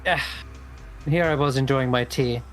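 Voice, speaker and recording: A snooty woman grumbles with lofty disdain, as a man puts her on in a tabletop game. Her voice sits at an ordinary pitch. Faint music plays behind. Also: moderate pace, close to an everyday voice. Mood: disdainful. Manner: sneering, put-upon complaining. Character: haughty woman fussing over her tea.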